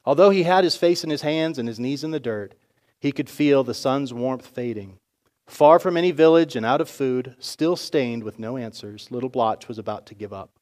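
A male pastor narrating a story in a sermon with expressive storytelling. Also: medium pitch, moderate pace.

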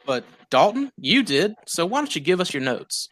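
A man's voice: high voice, very animated, moderate pace, a bit bright, no echo. A man hosting a podcast in casual chat, rambling with lots of fillers and laughs. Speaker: podcast host.

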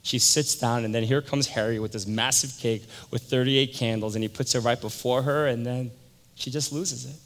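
A man's voice: mid-range voice, steady tone, moderate pace, a bit bright. A male pastor giving a sermon, telling a story and acting out the voices of the people in it. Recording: long hall reverb.

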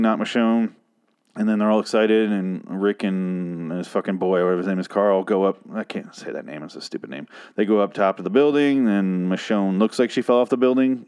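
A man's voice: on the low side, darkish tone, clean tone. A man casually recapping a TV episode, ranting angrily and profanely, often restarting his sentences. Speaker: TV episode reviewer.

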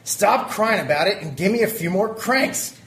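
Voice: mid-range voice, animated, normal speed, fairly bright tone. A performer voicing a wisecracking, grimy male maintenance worker who teases and puts on mock charm. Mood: teasing. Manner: cocky, teasing, mock-charming. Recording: echoey room from a distance with faint noise.

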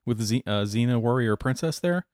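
A man's voice: medium pitch, lively intonation, normal speed, a little mellow. A man co-hosting a casual talk show, cracking jokes and laughing often. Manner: joking, laughs a lot, jumps in with wisecracks. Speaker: podcast co-host. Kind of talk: casual chat.

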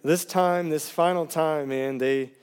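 Lively male pastor preaching a sermon. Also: on the high side, measured pace, clear, resonant tone. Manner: energetic, calls out to the congregation for responses; laughs between phrases, casual filler words. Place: church sanctuary, live service.

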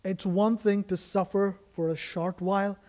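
Earnest, high-voiced male preacher. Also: steady tone, normal speed, dark tone. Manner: earnest, emphatic preaching with repeated restarts. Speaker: guest pastor. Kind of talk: sermon. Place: church sanctuary.

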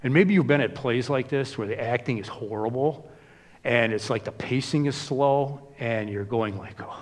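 A man's voice: medium pitch, moderate pace. Conversational male preacher in a hall. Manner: conversational, frequent "you know" asides. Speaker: pastor. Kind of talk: sermon.

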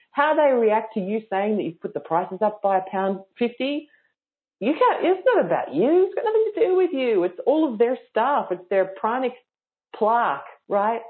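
Woman coaching over a tinny line. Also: a little high. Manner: casual, playful, frank, teasing. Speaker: yoga business coach. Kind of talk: live online workshop talk. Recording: tinny phone-like sound.

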